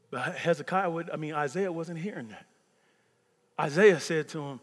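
A man in his fifties preaching a sermon as pastor, swinging from loud preaching to hushed near-whispers. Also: fairly high pitch, moderate pace. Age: 50s. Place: church sanctuary. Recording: long hall reverb.

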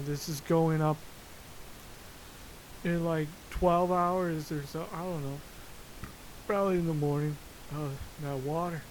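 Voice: medium pitch, a little hiss or hum, low-quality recording. Foul-mouthed podcaster ranting with laughs. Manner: profane, frequently laughing, animated storytelling. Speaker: podcast host. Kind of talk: casual solo rant. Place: Florida.

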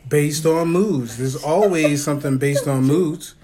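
Male podcast host, slightly higher voice, relaxed joking delivery with lots of laughs. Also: unhurried, a crowd in the background. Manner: loose, joking, swearing, laughs often. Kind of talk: casual podcast chat. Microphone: phone.

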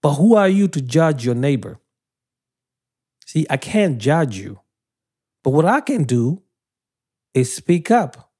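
A man's voice: a little high, very animated, slow pace, pauses often, mellow, husky. A man giving earnest, preachy religious commentary as a podcast host, emphatic and repeating himself as he talks.

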